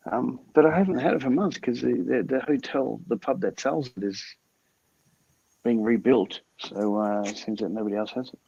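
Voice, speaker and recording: A man's voice: medium pitch, normal speed, creaky, warm tone, breathy edge, no echo. A man from Australia chatting on a video call from a hotel room, laughing and restarting his sentences. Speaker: co-host. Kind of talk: casual chat on a video call. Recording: dry lo-fi video call audio.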